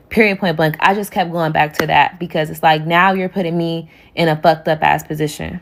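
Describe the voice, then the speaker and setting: A woman's voice: sits low, fairly even intonation, brisk, creaky, few pauses, a little hiss or hum. A young woman telling a casual storytime, heated and profane, acting out what others said in her retelling. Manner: heated, profane retelling that acts out quoted dialogue.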